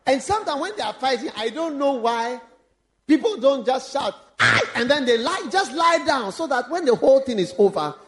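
A man preaching a sermon as a bishop, animated, breaking into laughs and shouts for emphasis. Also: very high voice, fairly quick.

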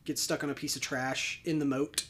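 Brief: casual podcast co-host, rambling and enthusiastic, mid-pitched voice. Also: level tone, moderate pace, over a noisy crowd. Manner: rambling, filler-heavy, enthusiastic. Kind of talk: casual movie review chat.

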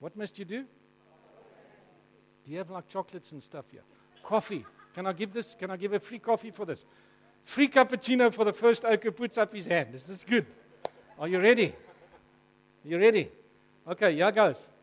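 High-voiced, lively South African male preacher. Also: moderate pace, pauses often, slight background noise, low-quality recording. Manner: animated and jokey, asking the audience questions. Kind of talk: storytelling sermon to a live congregation.

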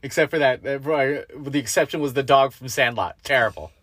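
A woman co-hosting a podcast in casual chat, animated and incredulous, laughing often. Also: a bass voice, a little fast, husky, no echo. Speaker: podcast co-host.

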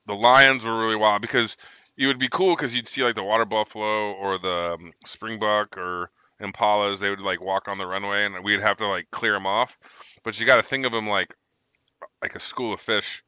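तीस के दशक का एक आदमी, सेना का पूर्व सैनिक, जो खुलकर गालियों के साथ भटकती हुई कहानियाँ सुनाता है।. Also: male voice, fairly low pitch, fairly even intonation, moderate pace, bright, forceful tone, clean tone, dry recording, highs cut off. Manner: rambling, profane storyteller. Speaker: military veteran guest. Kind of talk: casual chat.

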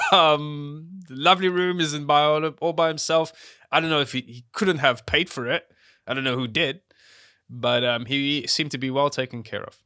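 Bright, dry-voiced podcast host man. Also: on the high side, fairly even intonation, moderate pace, clean tone, no room sound. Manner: wry, laughing, hesitant with ums. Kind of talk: casual film review chat.

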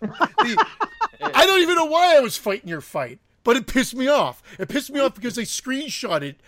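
A man with a high, animated voice rants through a casual podcast chat. He swears freely and gets heated, his pitch swinging widely. The sound is dry and close, with no room echo. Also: normal speed. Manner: heated, profane, ranting.

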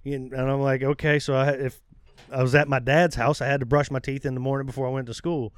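A man in his thirties telling a profane, animated story in casual podcast chat. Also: mid-range voice, fairly quick, clean tone, dry recording. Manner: profane, animated, acts out quoted voices.

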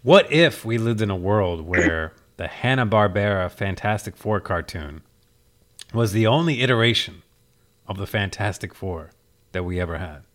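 A man's voice: fairly low pitch, expressive, normal speed, a bit bright. A man hosting a podcast, chatting casually and loosely with many fillers. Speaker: podcast host. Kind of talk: casual chat.

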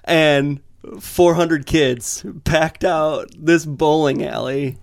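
Higher-voiced animated storytelling man. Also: very slow, creaky, no room sound, clean studio sound. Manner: animated storyteller who jumps into high impressions of people. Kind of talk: casual podcast conversation.

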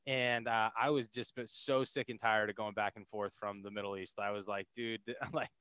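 A man in his thirties from the United States, a podcast guest telling his story in an energetic, casual way and acting out other people's lines. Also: on the low side, moderate pace, clear, resonant tone, no echo. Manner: energetic, laughing, acts out quotes. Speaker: podcast guest, military veteran.

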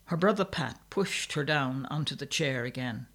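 A man reading a story aloud in a measured, steady narration. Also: mid-range voice.

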